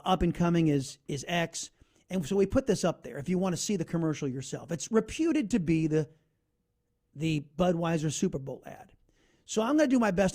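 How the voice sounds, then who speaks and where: A man hosting a talk radio show, telling a story in an animated monologue. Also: sits high. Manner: animated storytelling, narrates an ad over its soundtrack.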